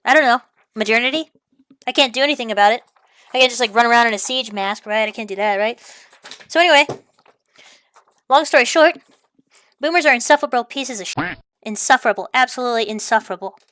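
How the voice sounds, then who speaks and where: Speaking fast with a fairly bright, higher-than-average voice, a woman vlogger rants angrily, cursing and circling back to the same complaints in exasperation. The recording is dry.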